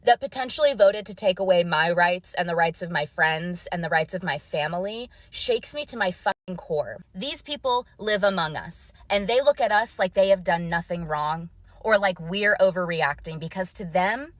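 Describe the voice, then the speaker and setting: A woman's voice: fairly low pitch, expressive, normal speed, dry recording. A woman delivering an intense, bitter monologue to the camera. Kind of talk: angry direct-to-camera monologue.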